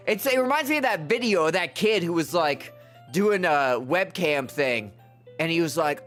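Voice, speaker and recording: A man's voice: on the high side, animated, normal speed, fairly bright tone, faint music behind. A male streamer doing live gameplay commentary in exasperated, profane, mocking rants, rambling through stories with restarts.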